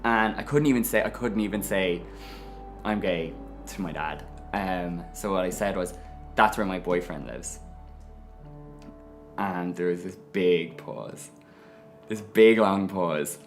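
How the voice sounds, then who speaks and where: An Irish man telling his own story in an interview, candid and animated. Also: deep voice, a little slow, soft background music. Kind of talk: personal storytelling.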